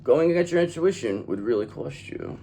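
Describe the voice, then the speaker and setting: A man reads tarot cards in a lively, swooping voice that sits a little high for a man. He talks emphatically and swears freely, and he keeps checking in with "okay?". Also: normal speed, a little hiss or hum. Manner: emphatic, profane, repeats "okay?". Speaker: tarot reader. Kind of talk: tarot reading monologue.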